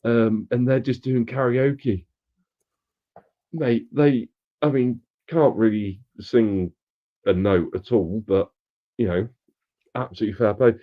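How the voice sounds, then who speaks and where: A man talking casually and haltingly, with many fillers. He comes through a dull, lo-fi remote microphone, with a mid-range voice. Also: mid-range voice, fairly even intonation. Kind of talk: casual chat.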